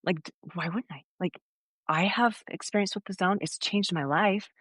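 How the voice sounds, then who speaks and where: Middle-aged woman telling a lively story. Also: on the low side, moderate pace, slightly rough, no room sound, clean studio sound. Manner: animated storyteller, acts out quotes. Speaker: guest, foot zoner. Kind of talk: casual storytelling interview.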